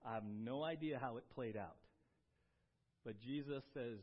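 A male pastor preaching a sermon, animated and emphatic, often restarting his phrases. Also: moderate pace. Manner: animated, rising to emphatic highs, with repeated restarts. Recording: dull lo-fi sound.

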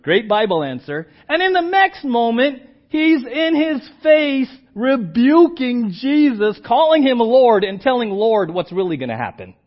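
A man preaching a sermon as pastor. He acts out the scripture voices with big jumps in pitch and loudness and keeps asking his congregation "right?". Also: measured pace, few pauses. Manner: animated, acts out quoted lines with big swings in pitch and volume; asks the congregation questions and often checks in with "right?". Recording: dull lo-fi church audio.

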